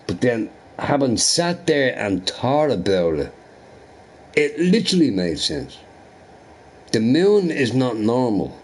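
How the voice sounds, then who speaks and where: A man chatting casually while streaming a game, rambling and swearing through animated rants and asking "right?" often. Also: fairly low pitch, a little slow. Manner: profane, ranting, animated opinions with frequent "right?".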